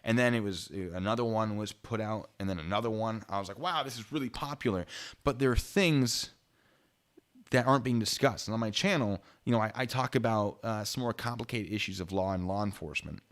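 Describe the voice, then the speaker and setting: A man's voice: lowish voice, fairly quick. A man hosting his own channel, telling a story casually to his live chat, rambling with frequent laughs and restarts. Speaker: YouTube channel host.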